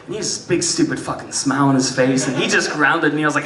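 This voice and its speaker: A man doing stand-up storytelling on a live stage, swinging between loud bursts and muttered asides. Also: fairly high pitch, quick pace, far from the mic. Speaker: stand-up comedian. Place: live music venue stage. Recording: roomy live club sound from afar. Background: audience laughter.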